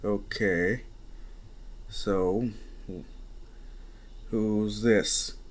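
A man voicing a lazy, gruff young gang leader who gives bored, curt replies. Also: fairly low pitch, steady tone, extremely slow. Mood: grumpy.

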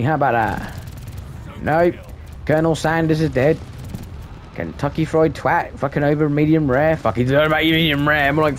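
A gaming video creator gives live commentary on his gameplay, ranting in frustration and swearing nonstop. His voice sits on the high side, with a little hiss or hum on the recording.

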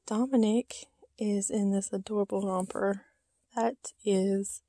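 A woman showing her doll collection in a casual vlog, soft-spoken and halting, often dropping to a whisper and holding back tears. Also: medium pitch, fairly even intonation, no room sound, clean studio sound. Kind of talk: casual show-and-tell vlog.

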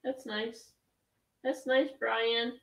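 A woman co-hosting a livestream, softly reading out viewer comments. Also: fairly high pitch, flat delivery, extremely slow, vocal fry, crowd noise.

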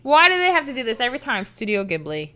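A young woman commenting casually on a game she plays, chatty and excitable. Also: on the high side, quick pace. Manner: chatty, excitable, reacting with gasps and laughter. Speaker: gameplay streamer. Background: game music.

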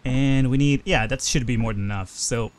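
A man's voice: medium pitch, normal speed. Foul-mouthed man narrating gameplay. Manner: thinks aloud, swears freely when frustrated. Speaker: let's play host. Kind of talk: casual gameplay commentary.

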